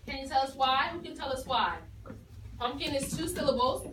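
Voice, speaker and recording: A woman's voice: sits high, moderate pace, a bit bright, slight background noise. A woman teacher leading a phonics lesson, patiently asking questions and repeating the pupils' answers. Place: classroom. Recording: echoey classroom from far off.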